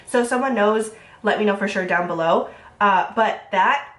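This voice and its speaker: This beauty vlogger is a young woman of medium pitch and a slightly bright tone, her voice nasal from a cold. She breezes through a makeup review, chatty, fast and filler-heavy, with a roomy echo on the recording.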